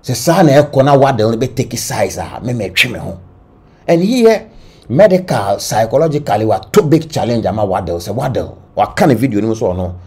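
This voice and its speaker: A man with a Ghanaian accent giving animated entertainment-news commentary, switching between Twi and English. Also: medium pitch, normal speed, breathy edge. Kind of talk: gossip commentary.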